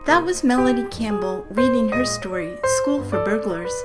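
A woman host gives a measured scripted outro in a slightly high voice. Loud guitar and piano music plays under her. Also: lively intonation. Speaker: podcast host.

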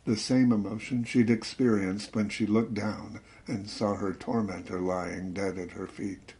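A man narrating a suspense story in a measured, dramatic reading that slows and drops to a hush at tense moments. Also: lowish voice, steady tone. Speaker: audiobook narrator.

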